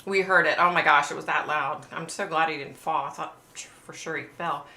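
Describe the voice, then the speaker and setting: A woman's voice: deep voice, fairly even intonation, brisk, pushed and bright, echoey room. A middle-aged woman hosting a casual livestream, rambling chattily to her viewers, swearing freely and saying "like" often. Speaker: psychic livestream host.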